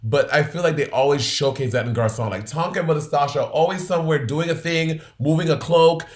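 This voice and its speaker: A man's voice: on the high side, a little fast. Blunt, profane man. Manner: laughs often, blunt and profane. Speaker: podcast co-host. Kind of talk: casual chat.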